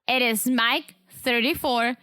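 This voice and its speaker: A woman's voice: a little high, fairly even intonation, takes it slowly, sharp tone, dry recording. A woman co-hosting a podcast, chatting casually about a reality show and jumping in with comments. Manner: chatty, laughs, jumps in. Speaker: podcast co-host.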